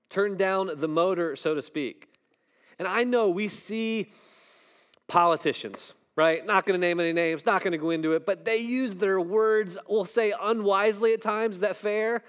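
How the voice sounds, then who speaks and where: Man, middle-aged pastor, sermon, slightly high voice, chatty storytelling, drops to hushed tones. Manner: conversational, asks the room "right?" often; dramatic storytelling, voice drops low and soft at tense moments.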